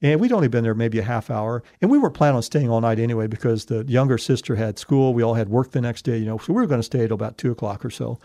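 Warm-voiced man telling a rambling story. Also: medium pitch, fast talker, hardly any pauses, no room sound, clean studio sound. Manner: rambling, with many fillers and restarts. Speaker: paranormal investigator guest. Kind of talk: casual storytelling.

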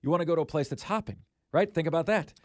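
A man hosting a sports talk radio show in a studio, talking in animated, self-deprecating banter. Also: on the high side, rapid-fire, no echo. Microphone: studio microphone.

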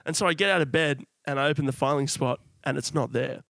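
A man's voice: on the high side, fast, creaky, a bit bright, no echo, studio quality. A young Australian man co-hosting a casual chat, telling a self-mocking story. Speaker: podcast co-host.

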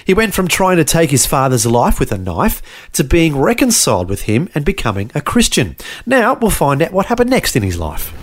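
A man's voice: a little high, normal speed, few pauses. A man hosting a radio show, reading scripted links in a polished announcer style. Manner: polished, expressive announcer delivery. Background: music.

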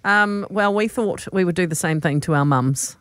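A woman, a radio host telling a story in a lively, chatty way. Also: fairly low pitch, normal speed, no room sound. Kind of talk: casual radio chat.

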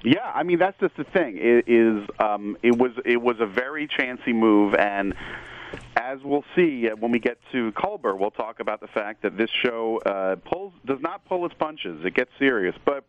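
An excitable man with a mid-range voice hosts a podcast, eagerly rambling from point to point in a casual discussion about TV at a normal speed. His voice sounds thin and tinny, like a phone line, and the dry, close audio has no room sound at all.

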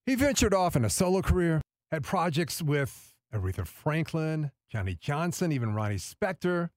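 A man's voice: a little high, big pitch swings, normal speed, a little mellow, no room sound, studio quality. A man hosting a radio podcast, reading a countdown list in an upbeat, chatty way. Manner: upbeat, chatty, repeats "of course". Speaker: radio host.

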